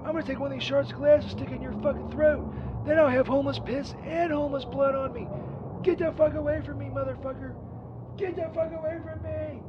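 A man's voice: very high-pitched, steady tone, moderate pace, background noise. A man voicing a crude, hapless male wanderer who rambles and swears easily, heard as a phone voicemail. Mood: furious. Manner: foul-mouthed, rambling, easily riled. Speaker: recurring show character. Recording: dull muffled voicemail line.

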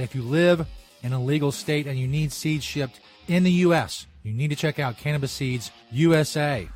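Male host doing a punchy ad read, slightly high voice, faint music underneath. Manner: punchy, repetitive sales pitch. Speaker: show host reading a sponsor ad. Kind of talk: upbeat ad read.

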